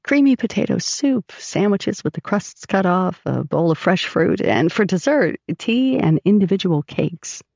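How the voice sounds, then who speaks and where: A woman reads a first-person audiobook, her voice gravelly and mid-pitched. She tells the story in a measured, even manner. The recording is dry and slightly dull. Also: no room sound. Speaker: audiobook narrator.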